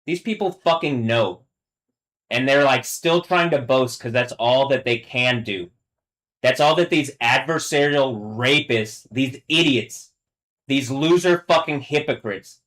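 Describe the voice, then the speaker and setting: Alone on a live stream, a man of ordinary male pitch delivers an angry, profane, rambling rant, halting, full of fillers, and constantly stumbling and restarting. He swings between quiet, low muttering and sudden strained, high-pitched yelling, all on a low-quality recording.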